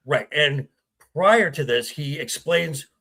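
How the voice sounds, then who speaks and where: A man with a husky, gravelly voice, a guest in a casual film discussion, retelling scenes haltingly. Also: fairly high pitch, pushed and bright. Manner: halting retelling with acted quotes. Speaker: podcast guest.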